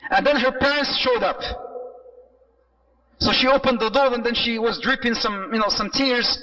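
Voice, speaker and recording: Male preacher, high bright voice, animated storyteller, recorded from a distance. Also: moderate pace. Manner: animated storytelling, mixing Arabic phrases into English. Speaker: Islamic lecturer. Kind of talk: sermon-style lecture.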